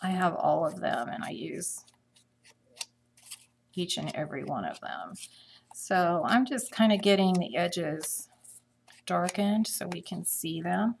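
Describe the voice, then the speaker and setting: A woman's voice: lowish voice, animated, takes it slowly, creaky, pauses often, darkish tone, slight background noise. A middle-aged woman chatting her way through a live craft demonstration, thinking aloud as she works.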